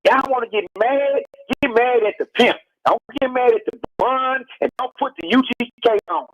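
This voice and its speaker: His voice is very high-pitched and moves at a normal pace as he lectures the radio show by phone, insisting on his points repeatedly. He's a Texas rapper in a heated call-in interview, heard through a dry, muffled telephone connection.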